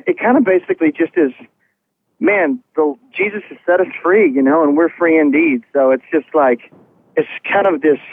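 A male musician calling in by phone for a radio interview from outside a tour bus at a concert, upbeat and rambling. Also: on the high side. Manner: upbeat, rambling, lots of "um" and "man". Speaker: musician guest. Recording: tinny phone line.

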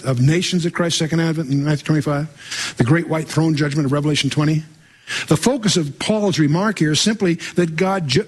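Male Bible teacher, husky and fairly high, reads scripture then quips and quizzes the room. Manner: reads scripture aloud then comments with wry asides and quizzing questions.

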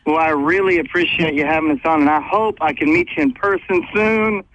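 Upbeat, excitable male musician calling in from backstage; lively, slightly high voice on a lo-fi line. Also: fairly quick, creaky, no room sound. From United States. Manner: upbeat, excitable, laughs easily. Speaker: guest musician. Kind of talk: casual phone interview. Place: backstage at a concert venue. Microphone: phone call. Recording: dull phone-line sound with faint noise.

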